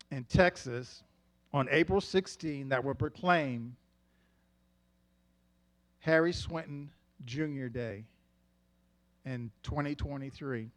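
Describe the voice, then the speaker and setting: Man giving a slow, heartfelt testimony. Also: on the high side. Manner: slow, heartfelt, measured delivery. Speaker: church member giving a testimony. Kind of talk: spoken testimony.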